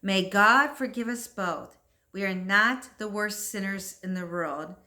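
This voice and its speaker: A woman's voice: medium pitch, a little slow, sharp tone. A woman reading aloud the lines of an anguished, bitter male priest from an old New England story, shocked and reproachful. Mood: grave.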